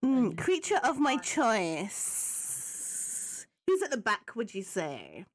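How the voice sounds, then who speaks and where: A woman narrates and runs a tabletop game session in a loose, chatty way. Her speech is full of fillers and restarts, and she sits a little above the usual pitch. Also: wildly swooping pitch, slow pace. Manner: chatty, loose, often laughing, filler-heavy. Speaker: game master.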